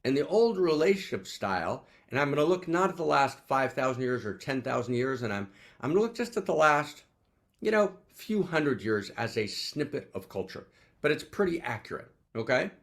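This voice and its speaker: Animated man rallying his group. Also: mid-range voice, normal speed. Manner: rallying, repeats questions, swings from loud to soft. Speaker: host and teacher. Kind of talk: teaching talk to an online group.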